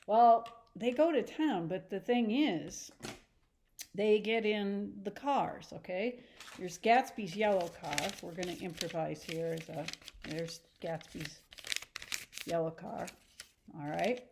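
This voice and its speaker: A woman teacher retelling a story in a chatty, animated lesson, acting out the scenes as she goes. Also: fairly low pitch, takes it slowly, gravelly, a little hiss or hum. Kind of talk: casual lesson retelling a novel.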